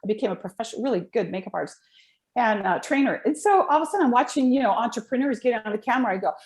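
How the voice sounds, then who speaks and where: A woman's voice: on the high side, very fast. A middle-aged woman, a video and voice coach, telling rambling stories in a casual interview. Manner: animated, rambling storyteller. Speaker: guest, live video and voice coach.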